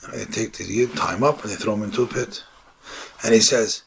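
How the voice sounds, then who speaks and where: A man giving an impassioned sermon as a rabbi, telling stories and rising to shouts on key points. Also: on the low side, brisk, gravelly, slight background noise. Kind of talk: sermon with storytelling.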